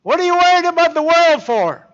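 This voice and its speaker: A feisty little church lady scolds in a high, shrill voice, firing off rapid questions, as a male preacher puts her on. Her voice rises well above a man's usual range. The recording sounds dull and lo-fi. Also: big pitch swings, a bit bright, full character voice. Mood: scolding.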